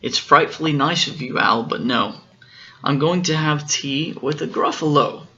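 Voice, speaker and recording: A sly little mouse pipes up in a high, bright, lilting voice, as a father reads him aloud, with a crackly gravel under it. The sound is a little dull and lo-fi, with a faint hum behind. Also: a little slow. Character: clever little male mouse, brave and sly.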